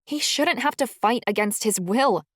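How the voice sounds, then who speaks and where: A woman's voice: a little high, lively intonation, unhurried, dry recording, studio quality, voice pushed up. Woman giving a stubborn, pleading young heroine. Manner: raised, pleading, insistent.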